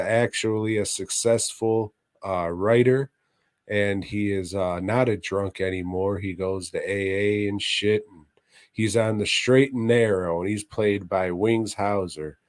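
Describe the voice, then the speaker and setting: A man co-hosting a podcast, recapping a movie in casual, profane chat, laughing often and breaking into mock voices. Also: fairly low pitch. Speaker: podcast co-host.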